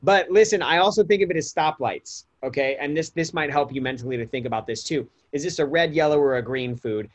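A man's voice: a little high, fairly quick, few pauses. A man in his thirties co-hosting a podcast, chatty and talking straight to listeners. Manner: chatty, addresses listeners as guys. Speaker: podcast co-host. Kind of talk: casual podcast chat.

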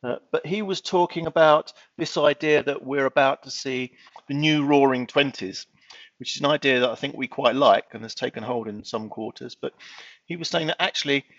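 A man's voice: medium pitch, a bit bright, no room sound, muffled recording. A man on a finance panel discussion, rambling with frequent restarts.

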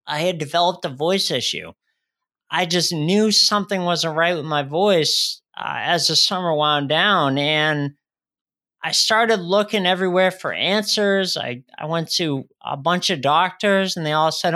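A man in his thirties, a guest speaker telling his own story in a podcast interview, earnest and halting with frequent restarts. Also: fairly high pitch, sharp tone.

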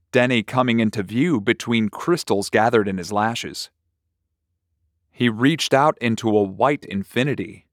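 A man narrating a short story in a slow, measured, deliberate reading. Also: medium pitch, dry recording, clean studio sound.

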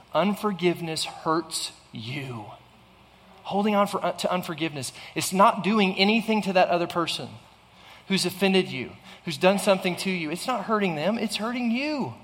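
A man's voice: high-pitched, expressive, normal speed, a bit bright, in a large hall. A man preaching a sermon in an earnest way, often restarting phrases and asking the listeners rhetorical questions. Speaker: pastor.

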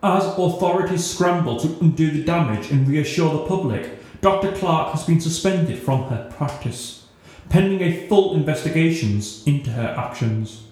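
A man's voice: fairly high pitch, animated, normal speed, a little mellow. Man narrating a story in an echoey room.

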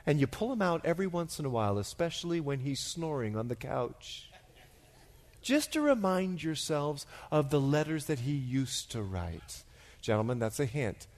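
A middle-aged male pastor preaching a sermon as an animated storyteller, dropping to a hush and then rising to loud, excited bursts. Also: a little high, moderate pace. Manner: animated storyteller, swings from hushed to shouting.

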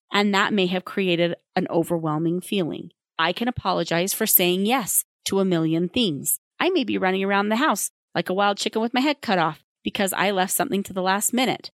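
A mother giving parenting advice in a candid monologue, brisk and emphatic with a wry, plainspoken humor. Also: mid-range voice, dry recording. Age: adult with children.

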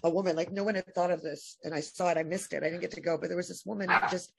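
A woman guest in an interview, talking emotionally with many restarts and halting phrases. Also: fairly low pitch, steady tone, vocal fry, very noisy. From New York. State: tearful at times. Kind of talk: impassioned conversational interview.

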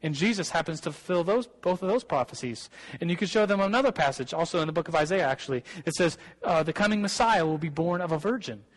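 A man's voice: on the high side, lively intonation, fast talker, low-quality recording. A young man, a pastor, preaching a casual sermon and telling a personal story, with many restarts and asides.

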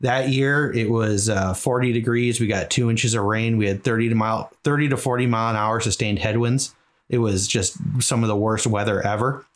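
A man's voice: on the low side, fairly even intonation, fairly quick. A middle-aged man from New England telling a long personal story as an interview guest, earnest and rambling with many fillers. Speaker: guest, charity marathon runner.

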